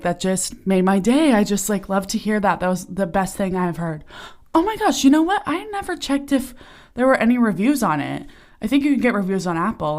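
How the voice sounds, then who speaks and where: A woman's voice: lowish voice, darkish tone. Young woman, podcast host, bubbly, chatty, giggly, casual solo chat, recorded in a small sauna. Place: small turned-off home sauna. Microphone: podcasting equipment while lying on her stomach.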